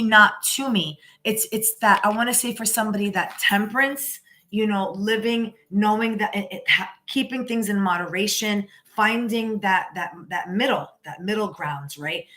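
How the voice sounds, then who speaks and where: A woman's voice: mid-range voice, pushed and bright. A woman giving a casual live tarot reading, rambling and emphatic, with frequent restarts. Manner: rambling, with many restarts and repeated "you know"; emphatic and encouraging. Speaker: tarot reader.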